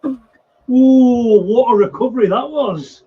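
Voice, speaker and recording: High-voiced sweary man, lo-fi. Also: slow, slightly rough. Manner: sweary, blunt banter. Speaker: regular co-host. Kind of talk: casual pub-style live chat. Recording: dull lo-fi sound with faint noise.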